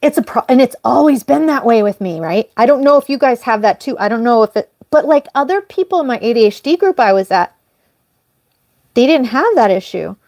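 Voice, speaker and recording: A woman hosting a casual live stream, talking in a rambling, apologetic way and jumping up in pitch when she stresses a point. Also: a little fast, dry recording, studio quality. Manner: animated, jumps up in pitch on emphasis. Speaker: livestream host.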